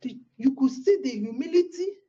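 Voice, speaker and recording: A woman's voice: high voice, animated, normal speed, mellow, husky, dull audio. A woman pastor, telling a personal testimony in a sermon with exclamations and repeated words.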